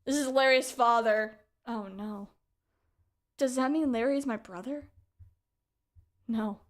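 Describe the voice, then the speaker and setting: A woman's voice: on the high side, slow. A young woman streaming a game, chatty and laughing as she talks to her chat. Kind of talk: game playthrough commentary. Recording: loud game music behind.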